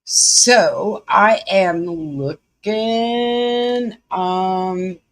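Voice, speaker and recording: A woman's voice: medium pitch, very slow. Southern lady chatting live to her viewers from home, takes her time, calls everyone y'all. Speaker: livestream host. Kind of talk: casual live commentary.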